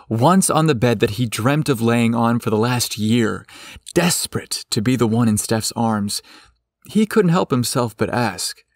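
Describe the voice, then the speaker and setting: A man narrating a scripted story in a slow, expressive way. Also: medium pitch, no echo.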